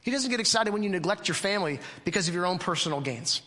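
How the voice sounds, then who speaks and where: A man's voice: high voice, animated, quick pace, sharp tone. A middle-aged man preaching a sermon to his congregation, earnest and conversational, often asking the listeners questions. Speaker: pastor. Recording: long hall reverb.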